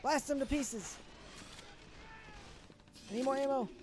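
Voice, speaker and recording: A man giving live gameplay commentary and chatting with viewers, reacting loudly to the action and dropping to soft mutters in between. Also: very high voice, slow pace, background noise. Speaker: gaming streamer.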